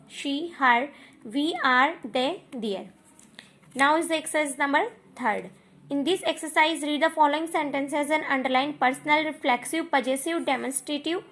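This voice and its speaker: High-voiced Indian woman teaching English grammar. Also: a bit bright. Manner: explains then repeats points, frequent "okay" and "understood" checks. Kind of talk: online grammar lesson.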